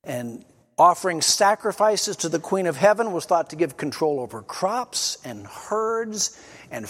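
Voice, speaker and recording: A man's voice: on the high side, big-room sound. A man preaching a sermon, explaining scripture in an earnest teaching manner and reading passages aloud with emphasis. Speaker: pastor.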